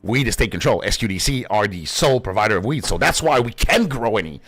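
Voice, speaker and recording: A man's voice: lowish voice, very animated, fast, fairly bright tone, no room sound, faint music behind. A young adult man, a gaming streamer, in a passionate, profane, casual rant. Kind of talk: casual ranting commentary.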